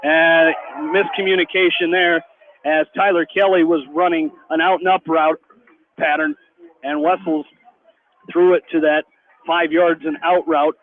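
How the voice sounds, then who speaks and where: A high-voiced man calls play-by-play on the radio, speaking rapidly with excitement rising on the big plays. The broadcast sounds tinny and phone-like, with a faint hiss underneath.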